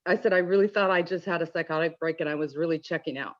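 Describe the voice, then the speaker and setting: A woman giving an emotional personal testimony in an earnest, halting way with many restarts, choked up at times. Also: on the low side, highs cut off. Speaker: call-in participant.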